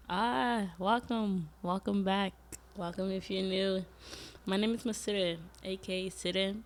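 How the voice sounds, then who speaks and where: A young woman talks into a desk mic at home, looking back on a hard year. Her talk is loose and full of swearing, and her pitch leaps up whenever the feelings rise. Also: creaky, fairly bright tone. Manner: emotional, swears often, pitch jumps high when upset. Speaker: vlogger. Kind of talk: casual reflective chat to camera. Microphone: desk microphone.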